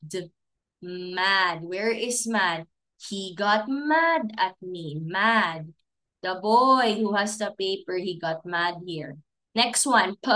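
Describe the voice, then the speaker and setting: A woman teaching a recorded preschool class, talking slowly and sounding out letters step by step for small children. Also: mid-range voice, bright, forceful tone. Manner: slow, sounding out letters and giving simple steps.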